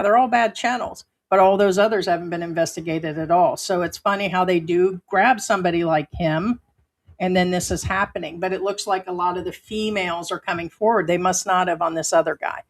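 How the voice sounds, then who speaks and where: Outspoken woman streaming from home, lowish pitch, unfiltered and profane. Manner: blunt, outspoken, swears freely. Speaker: live-stream host. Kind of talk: casual live-stream chat, reading viewer comments.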